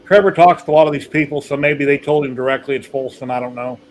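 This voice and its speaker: A man's voice: on the high side, fast, slight background noise, poor audio. Chatty man hosting a livestream. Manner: rambling storyteller. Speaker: podcast host. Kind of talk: casual livestream chat.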